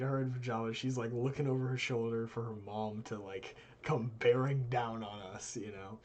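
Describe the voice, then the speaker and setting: At a moderate pace and hardly pausing, a young live-stream co-host casually recounts something that happened to him. He performs his friends' quoted lines with lively, sweeping shifts in pitch.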